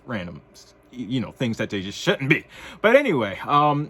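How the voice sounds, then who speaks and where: A man's voice: mid-range voice, a bit bright. Sarcastic man vlogging. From United States. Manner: sarcastic, wry. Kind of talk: casual opinion commentary.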